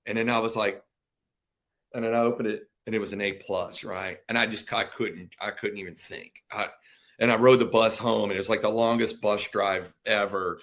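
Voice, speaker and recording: A man's voice: fairly low pitch, fairly even intonation, moderate pace, a bit bright. A middle-aged man, a veteran guest on a podcast, telling stories animatedly and acting out family members' voices. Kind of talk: casual storytelling interview.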